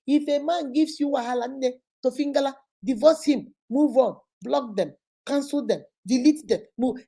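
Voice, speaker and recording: A Nigerian woman talks straight to her viewers in a casual vlog, with a fairly high, mellow voice. She tells stories in a lively way, drops into other people's voices and keeps a chatty, exclaiming manner. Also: normal speed, gravelly, breathy edge. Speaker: online influencer host.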